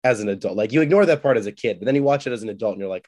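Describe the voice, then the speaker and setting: A man's voice: lowish voice, expressive, racing, darkish tone. A man co-hosting a podcast in casual chat, wry and teasing, with some casual swearing. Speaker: podcast co-host.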